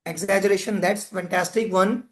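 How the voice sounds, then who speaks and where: A man's voice: high voice, steady tone, normal speed. Chatty male presenter. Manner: chatty, asks the audience questions. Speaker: presenter of a club education session. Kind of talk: interactive workshop talk.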